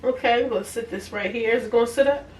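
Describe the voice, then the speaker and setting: A young adult woman casually reviews products on camera, chatting with viewers she calls "y'all" and laughing easily. Her voice is on the high side and darkish in tone, and she talks fast. The room is echoey, she's a bit far from the mic, and there's faint noise.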